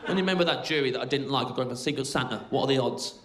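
A man's voice: mid-range voice, very fast. A man doing stand-up comedy, telling an absurd rambling story in a sardonic manner. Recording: roomy club sound with loud crowd.

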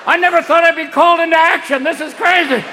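Guy doing a grumpy old sperm, confused and cranky, high raspy grumbling. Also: steady tone, fast, pushed and bright, slight background noise. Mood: cranky confusion. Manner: grumbling, bewildered complaints. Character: two confused elderly male sperm, cranky, doddering.

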